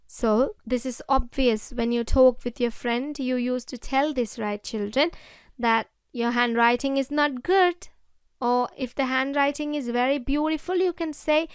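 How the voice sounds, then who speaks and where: A woman's voice: sits high, measured pace, smooth, no room sound, clean studio sound. A woman with a Sri Lankan English accent, teaching English phrases to children and repeating each example sentence. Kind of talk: slow, deliberate classroom explanation.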